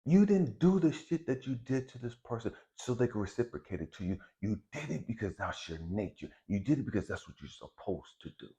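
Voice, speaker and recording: A man voicing God as a calm, fatherly spirit who gently questions and teasingly scolds him, with profanity. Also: on the low side, quick pace, hardly any pauses. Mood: mocking scolding.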